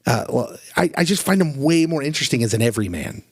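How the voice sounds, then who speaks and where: A man co-hosting a podcast in casual chat, retelling movie scenes with animated, emotional delivery. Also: mid-range voice, fast, breathy edge, dry recording, studio quality. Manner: animated, emotional, acts out quotes in raised voice. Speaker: podcast co-host.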